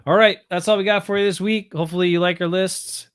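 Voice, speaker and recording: A man co-hosting a casual sports podcast, easygoing and quick to agree, giving short replies. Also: sits high, steady tone, clean tone, dry recording, studio quality. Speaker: podcast co-host. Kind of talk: casual chat.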